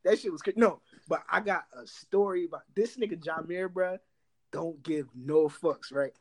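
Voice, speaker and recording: A young man telling workplace stories in casual chat, animated and laughing, loudly acting out what others said. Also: fairly high pitch, moderate pace. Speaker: storyteller.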